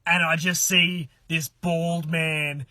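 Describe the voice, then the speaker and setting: Australian male podcast guest, very bright and forceful tone, dry close sound, animated storyteller. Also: fairly high pitch, takes it slowly, dry recording. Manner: animated, swearing, acts out voices in his story. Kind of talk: casual storytelling.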